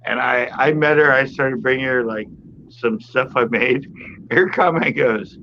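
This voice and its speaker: A man's voice: mid-range voice, measured pace, gravelly. A middle-aged man chatting casually as a guest on a livestream, telling stories and laughing often. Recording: slightly dull sound, faint noise.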